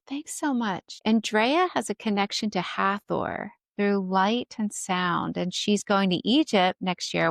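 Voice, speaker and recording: A woman moderating a session asks short, curious questions at a medium pitch. Her voice is dry and close, with no room echo. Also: creaky.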